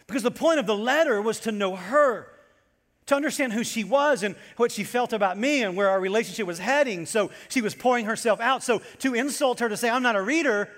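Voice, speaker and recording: A man preaching a sermon to his congregation as pastor, animated and storytelling as he goes. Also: extremely high pitch, a little fast, in a large hall.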